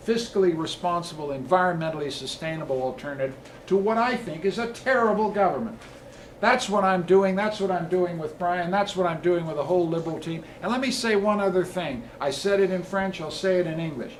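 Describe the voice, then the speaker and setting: A man's voice: sits high, brisk, a little hiss or hum, rough recording. Emphatic man giving a campaign speech. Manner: rousing, emphatic lists building to loud peaks. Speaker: politician. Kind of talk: answering a question, explanatory.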